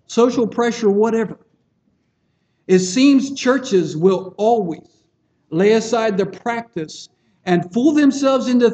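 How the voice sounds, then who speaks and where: A man with a high, slightly mellow voice preaches a sermon in an earnest, plain-spoken way, often restarting phrases and checking in with his listeners. The recording is dull and lo-fi.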